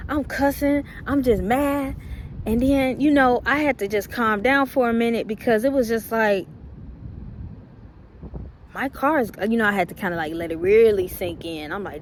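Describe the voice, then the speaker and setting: A young adult woman casually telling a personal story to her viewers, acting out her own past reactions in a conversational, drawn-out way. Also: mid-range voice, lively intonation, a little hiss or hum. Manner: conversational, drawn-out speech with fillers. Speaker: vlogger.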